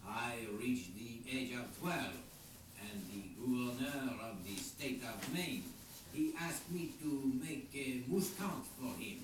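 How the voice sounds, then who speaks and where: Field: a bragging French-Canadian moose caller. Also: male voice, medium pitch, expressive, slow pace. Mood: boastful. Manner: bragging storyteller with broken English. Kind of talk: vintage comedy record. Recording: echoey old record, hiss, distant.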